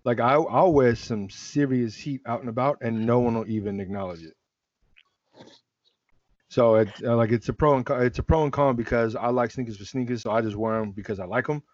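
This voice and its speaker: A man's voice: medium pitch, brisk, no room sound. Easygoing guy talking sneakers, rambly, kinda dull lo-fi sound, dry. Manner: relaxed, rambling with restarts. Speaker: sneaker podcast host. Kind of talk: casual chat.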